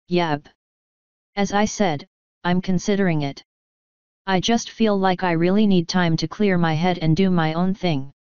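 A woman's voice: lowish voice, fairly even intonation, measured pace, a little mellow, smooth, no echo, dull audio. A woman reading first-person fan fiction aloud in a casual, offhand way, swearing freely. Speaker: audiobook reader.

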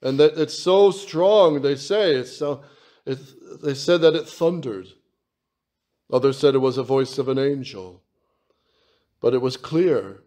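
A man preaching a sermon as a priest, slow and emphatic, repeating phrases for weight. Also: medium pitch, mellow.

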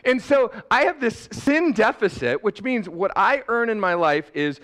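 A middle-aged man preaching a sermon, lively and laughing, rising loud and dropping soft. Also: sits high, measured pace, hardly any pauses. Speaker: pastor. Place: church sanctuary.

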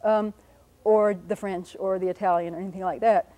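A woman's voice: medium pitch, steady tone, normal speed, mellow. A woman linguist giving a patient, step-by-step radio lecture, explaining sounds and writing examples as she talks, with frequent ums and small self-corrections. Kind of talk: radio lecture with whiteboard demonstration.

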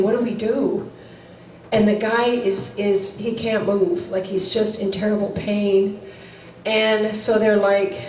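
A woman's voice: medium pitch, darkish tone, slight background noise. Woman, chapel storyteller, casual retelling with quoted dialogue, distant mic, roomy reverb. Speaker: speaker at a chapel service. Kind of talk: sermon storytelling. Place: chapel hall. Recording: echoey hall, voice from far off.

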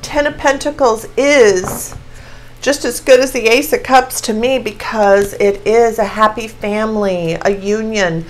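A woman in her sixties giving a casual tarot reading to camera, excitable and gushing as she exclaims over each card. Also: a little high, a little slow, a little hiss or hum, low-quality recording. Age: 60s. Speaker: tarot reader.

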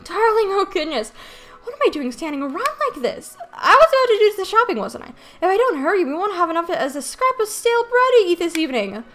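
A woman's voice: sits high, animated, normal speed, fairly bright tone. A woman voicing a middle-aged housewife in a game, prim and old-fashioned, over faint game music. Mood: flustered.

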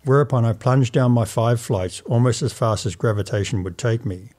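A man narrating an old first-person story as a measured, formal audiobook reading. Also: medium pitch, a little mellow.

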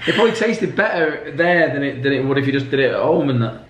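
A man's voice: mid-range voice, expressive, fast. A young man from England with an English accent, co-hosting a food video in easygoing, laid-back banter. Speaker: co-host. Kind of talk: casual chat while eating. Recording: echoey room with faint noise.

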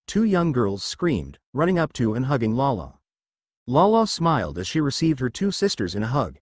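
Male storyteller reading fan fiction, animated, dry close sound. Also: mid-range voice, normal speed, dry recording. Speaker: narrator.

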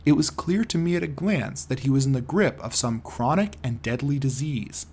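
A man narrating a classic detective story in a steady, unhurried reading, with a husky voice. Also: mid-range voice. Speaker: audiobook narrator.

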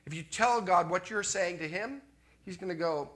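Speaking at normal speed, a Canadian preacher delivers his sermon in a bright, forceful, slightly high male voice. He keeps things conversational, echoing key lines and frequently checking whether the congregation is with him.

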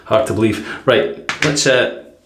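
A man's voice: on the low side, takes it slowly, roomy sound, background noise. A man hosting a shaving channel, chatting casually and rambling with many fillers as he reviews his gear. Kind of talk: casual product review vlog.

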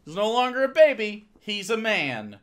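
A man's voice: high voice, sing-song, moderate pace, fairly bright tone, clean tone. Sarcastic ranting man streamer. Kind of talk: live-stream commentary rant.

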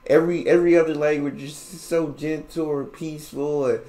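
A man's voice: on the high side, little pitch movement, a little fast, very noisy. A man from the United States hosting a reaction video, talking in a slangy, playful, teasing way and repeating words back. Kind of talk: casual reaction commentary.

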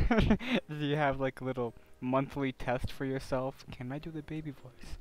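A man's voice: medium pitch, little pitch movement, moderate pace, soft background music, rough recording. A young man in casual chat with friends while gaming, teasing them and giggling often.

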